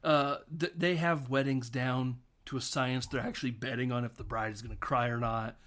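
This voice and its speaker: A man's voice: medium pitch, steady tone, normal speed, a bit bright. A man hosting a film podcast, casually recapping a movie, laughing often and acting out quotes.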